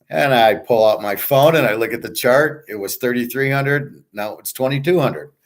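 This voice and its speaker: A man's voice: mid-range voice, expressive, moderate pace. Blunt, boastful middle-aged man ranting. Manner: blunt, boastful, rambling, profane. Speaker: sports betting tipster and host. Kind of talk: casual ranting monologue.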